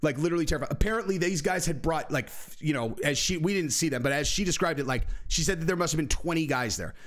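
A man's voice: on the high side, quick pace, a bit bright. A young man hosting a channel, telling a story in casual, profane talk, acting out other people's voices. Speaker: channel host.

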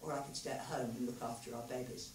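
An earnest, worn-out physicist speaks quietly and confidingly to his partner, voiced by a woman reading her story aloud. The sound is roomy and distant, with faint ambience behind. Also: lowish voice, sing-song, normal speed, a little hiss or hum. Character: thoughtful, weary male physicist, gentle lover. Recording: echoey hall, mic far off.

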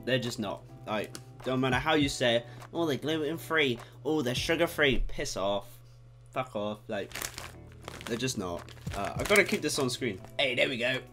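A nineteen-year-old British man chatting casually to camera in a home vlog, rambling, excitable and swearing freely. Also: mid-range voice, moderate pace, soft background music. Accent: British English. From Britain. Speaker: YouTuber. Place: home room at night.

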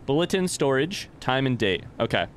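A man's voice: medium pitch, sing-song, moderate pace, slight background noise. A young man doing live let's-play commentary, chatting with viewers and reading game text aloud.

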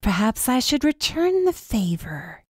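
A cruel young sorceress who croons her threats with mocking glee, as a woman narrator puts her on. Her voice sits a little higher and sweeter than the reader's own, which only makes the menace colder. Dry, close audiobook sound. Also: big pitch swings, unhurried, no echo. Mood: menacing. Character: cruel gloating female villain, young adult.

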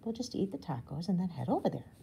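Woman reading as a brisk practical mom. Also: fairly low pitch, very animated, creaky, mellow, slight background noise, voice pushed up. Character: brisk practical mother of two girls. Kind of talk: storybook read-aloud.

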